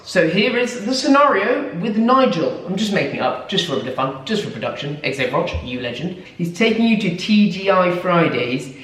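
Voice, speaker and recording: Animated young man hosting, echoey room. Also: sits high, normal speed, recorded from a distance, faint music behind. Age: young adult. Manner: teasing, animated banter. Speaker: host. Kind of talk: casual comedic chat.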